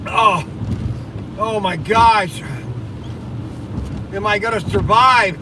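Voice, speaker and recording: Driver host, slow sarcastic grumbler, loud road and wind noise around him. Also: male voice, sits high, far from the mic. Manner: exclaiming and muttering to himself, sarcastic. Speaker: livestream host. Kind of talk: rambling live-stream chat while driving. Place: inside a car on the highway.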